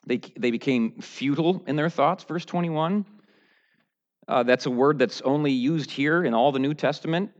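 A man preaching a verse-by-verse sermon, dropping to low, quiet musing and then rising to loud, high mocking outbursts. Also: normal speed, dull audio.

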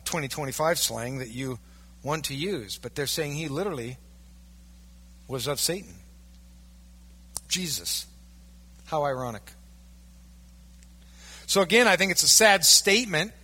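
A male pastor preaches a sermon emphatically in a slightly rough voice. He swings from loud, stressed peaks down to low, quiet lines.

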